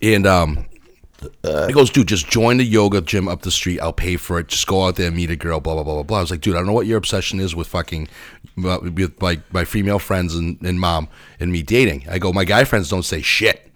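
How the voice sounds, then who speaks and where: Deep-voiced blunt man ranting. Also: a little fast, no room sound. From Massachusetts. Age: 40s. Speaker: podcast co-host. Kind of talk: casual podcast banter.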